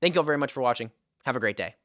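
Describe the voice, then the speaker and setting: A young man recounts a storytime tale with animated energy and frequent swearing. His voice sits at an ordinary middle pitch. The sound is dry and close, with almost no room echo. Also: very fast. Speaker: storytime vlogger. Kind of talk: casual storytime vlog.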